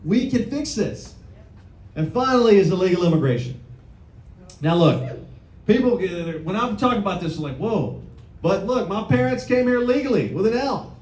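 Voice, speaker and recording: A man with a high-pitched, slightly mellow voice is running for office and delivers a punchy campaign speech to a crowd in a meeting room. He repeats lines and throws questions at the audience, and the echoey room carries faint background noise.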